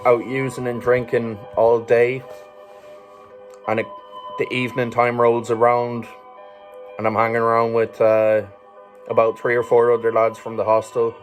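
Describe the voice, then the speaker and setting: A man's voice: mid-range voice, flat delivery, measured pace, long pauses, soft background music. An Irish man telling a personal story as a vlogger, rambling casually with swearing, fillers and chuckles. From Ireland.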